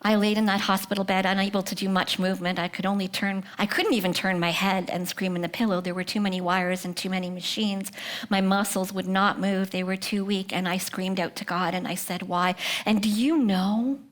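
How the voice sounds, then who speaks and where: A middle-aged woman giving a personal faith testimony at a prayer breakfast. She speaks earnestly, often sinks to a hushed whisper, and puts questions straight to the audience. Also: medium pitch, fairly even intonation, a little fast. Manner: addresses the audience directly with questions.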